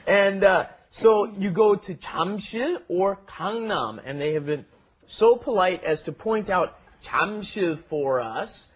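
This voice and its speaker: A man's voice: high-pitched, expressive, takes it slowly, slightly rough. A man co-hosting a casual Korean lesson podcast, explaining phrases chattily and tagging points with "right?". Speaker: Korean language teacher co-host.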